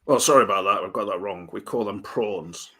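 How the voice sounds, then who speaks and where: A man cracking deadpan, rambling jokes while co-hosting a casual podcast chat. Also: on the low side, fairly quick. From Australia. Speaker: podcast co-host. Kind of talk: casual banter.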